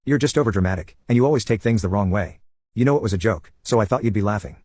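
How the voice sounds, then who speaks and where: A man's voice: on the low side, quick pace, a little mellow, no echo, close to an everyday voice. A man voicing a taunting, mocking wife within a narrated story, staying close to his own voice.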